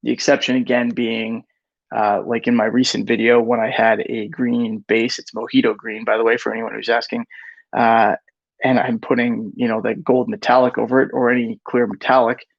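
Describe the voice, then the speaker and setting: A man's voice: mid-range voice, flat delivery, normal speed, vocal fry, dry recording, dull audio. A man hosting a casual live Q&A, reading viewer questions aloud and often correcting himself as he answers. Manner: reads chat questions aloud, self-corrects with "rather".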